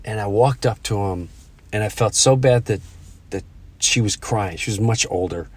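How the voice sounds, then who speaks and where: A middle-aged man hosting a podcast, chatting casually and telling stories with halting restarts. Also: fairly low pitch, slightly rough. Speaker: podcast host. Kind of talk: casual chat.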